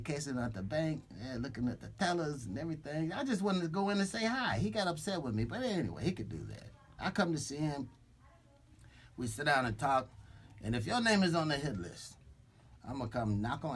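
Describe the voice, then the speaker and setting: A man's voice: medium pitch, husky. A man putting on a swaggering mob boss. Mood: exasperated. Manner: swaggering, threatening, rambling with restarts. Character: boastful male mob boss enforcer, middle-aged. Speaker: radio show character. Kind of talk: comic radio character bit. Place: radio studio.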